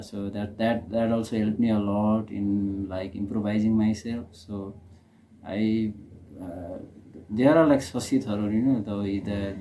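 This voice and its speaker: A man's voice: lowish voice, dark tone, a little hiss or hum. A man with a Nepali accent, hosting a reaction video in casual, hesitant commentary full of fillers and restarts.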